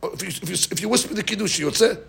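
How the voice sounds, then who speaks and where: A man teaching a lively religious text class, asking his students questions and reading passages out quickly. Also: high voice, creaky, husky. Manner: animated, questioning the class, reads Hebrew text fast. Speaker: rabbi teaching a Talmud class. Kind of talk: Talmudic lesson, mixing English and Hebrew.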